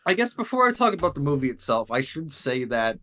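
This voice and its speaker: Man, podcast guest, casual chat, measured, hesitant, medium pitch. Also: big pitch swings, sharp tone. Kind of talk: casual movie-review chat.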